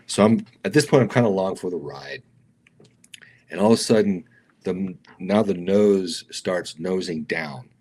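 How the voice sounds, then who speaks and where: A middle-aged man with a very deep voice tells his stunt stories in a loose, casual interview. He gets animated and raises his voice to act out other people, and he keeps calling the host "dude". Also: a little slow. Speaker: stuntman guest.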